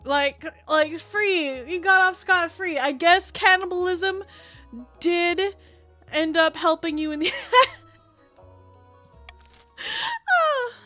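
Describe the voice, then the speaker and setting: Woman streamer, high bright voice, giggly and chatty, faint music underneath. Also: sing-song, slow, pauses often. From Canada. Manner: giggly, chatty, swears casually. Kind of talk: casual gaming stream chat.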